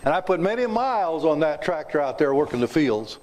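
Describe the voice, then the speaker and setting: Speaking a little high and fairly quick, this Kansas man in his seventies sounds very animated and a little mellow, with a bit of hiss or hum in the recording. He's a guest speaker at a club meeting room in south central Kansas, joking folksily and quizzing his listeners.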